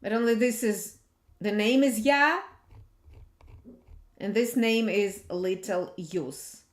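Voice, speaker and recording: Woman teacher, repeats each sound patiently, very slow, roomy echo. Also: medium pitch. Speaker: language teacher. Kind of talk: slow alphabet lesson. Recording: echoey room.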